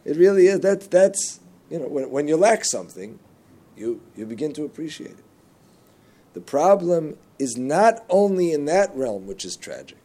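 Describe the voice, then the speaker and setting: A man giving a religious lesson, telling jokes and stories, with animated jumps in pitch on key words. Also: normal speed, breathy edge. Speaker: Torah teacher.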